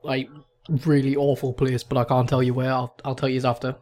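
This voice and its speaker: A man's voice: mid-range voice, level tone, darkish tone. A man with a Geordie accent, a podcast co-host, trading cheeky, sweary banter. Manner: cheeky, swearing, quick retorts. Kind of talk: casual banter.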